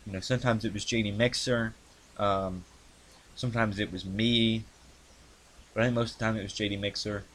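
Rambling young man, low voice. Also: steady tone, fairly bright tone, slight background noise. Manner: halting, many ums and restarts. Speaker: YouTuber recounting his channel's history. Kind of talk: casual rambling monologue. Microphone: handheld mic he adjusts.

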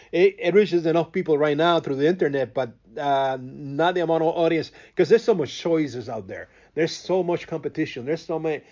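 A man from Cuba speaks English in a relaxed interview. He hesitates, repeats himself and pauses to find words. The audio is slightly muffled. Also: fairly high pitch. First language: Spanish. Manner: hesitant, many fillers and restarts while searching for words. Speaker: radio host, interview guest. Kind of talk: casual interview talk.

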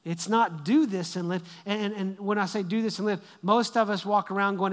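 A man with a high voice preaches a sermon, repeating his phrases as he builds and dropping from loud to hushed. His words ring out with the long reverb of a large church hall. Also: fairly even intonation, brisk. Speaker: pastor.

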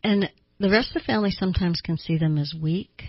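A woman's voice: lowish voice, fairly quick, breathy edge, no echo, muffled recording. A woman hosting a self-help talk show, giving advice to listeners in an emphatic way and repeating words for stress.

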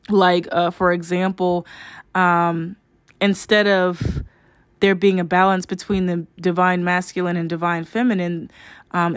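A young woman hosts a casual spiritual podcast in a medium-pitched voice with no room sound. She rambles with lots of fillers and restarts, addressing her listeners as "y'all."

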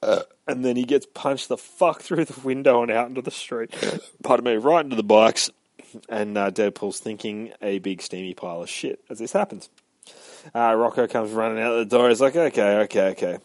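A man's voice: medium pitch, normal speed, no echo, clean studio sound. A man casually recapping a comic book, swearing a lot and rambling with many fillers. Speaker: podcast host.

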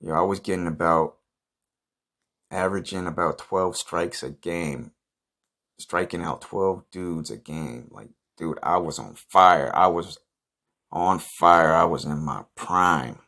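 A young man hosting a podcast, telling an absurd, profane, boastful story in a rambling deadpan way. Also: deep voice, unhurried. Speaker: podcast host.

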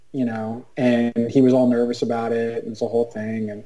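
Mellow-voiced man chatting on a video call. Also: mid-range voice, flat delivery, brisk, rough recording. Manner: rambling, with many restarts and fillers. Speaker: guest, writer. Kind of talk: casual chat.

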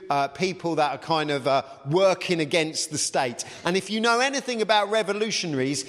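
A man's voice: fairly high pitch, fairly bright tone. Chatty preacher man, reverberant hall. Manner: chatty, with frequent ums and uhs. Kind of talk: sermon with a read-aloud story. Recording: long reverb of a large hall.

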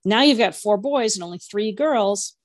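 A woman's voice: medium pitch, animated, moderate pace, natural voice. A woman reading as a practical teenage best friend. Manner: practical, reminding.

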